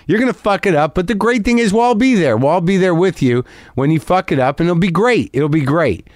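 Man imitating an earnest male fan, high excited voice, gushing, breathless. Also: fairly quick, no room sound, clean studio sound. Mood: cheerful.

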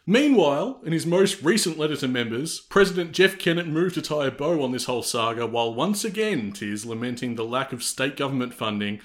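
A man's voice: mid-range voice, lively intonation, a little fast, few pauses. An Australian man hosting a sports podcast, talking in a dry, sarcastic, teasing way. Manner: sardonic, teasing, drily sarcastic. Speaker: podcast host. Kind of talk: casual sports podcast chat.

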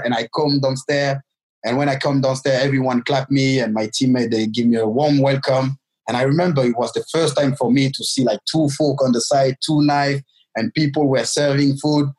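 A man, in his forties, tells a story from his own life. He talks casually and haltingly, restarting and filling his sentences as he goes. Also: mid-range voice, steady tone, darkish tone, poor audio. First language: French. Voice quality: halting, with many restarts and fillers.

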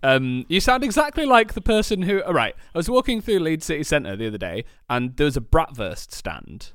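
A man's voice: fairly high pitch, very animated, brisk, fairly bright tone, no room sound. A man co-hosting a podcast, teasing the others in dry casual chat. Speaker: podcast co-host.

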